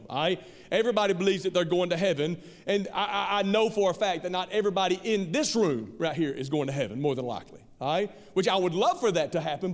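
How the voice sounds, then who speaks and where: Male pastor, high-pitched, earnest conversational sermon, long hall reverb. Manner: earnest, conversational, repeats himself. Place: large church hall.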